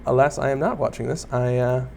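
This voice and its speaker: A man's voice: mid-range voice, steady tone, brisk, creaky, darkish tone, a little hiss or hum. Rambling self-mocking man narrating gameplay. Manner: rambling, self-deprecating, talks to viewers and mobs. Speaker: gaming YouTuber. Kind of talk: casual Let's Play commentary.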